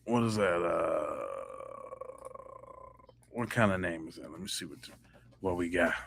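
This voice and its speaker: A man's voice: low-pitched, unhurried, gravelly, background noise. A man hosting a live stream, talking casually and mocking viewers' comments in a heated tone. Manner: heated, mocking, talks straight at the chat.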